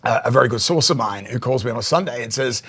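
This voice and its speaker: A man's voice: medium pitch, animated, fast, a bit bright, slightly rough. An Australian man, a podcast guest, telling a personal story candidly, often repeating words and swearing freely.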